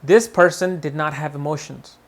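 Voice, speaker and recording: A man teaching an astrology lesson in a lively way, often acting out what people say and repeating his words. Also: a little high, moderate pace. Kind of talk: video lesson.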